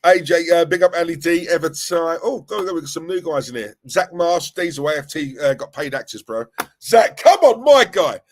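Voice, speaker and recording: A young man hosting a live stream, chatting casually, reading viewer comments and reacting with animated, rambling restarts. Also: a little fast, few pauses. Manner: animated, rambling, restarts and laughs, pitch jumping when worked up. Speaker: fan channel live-stream host.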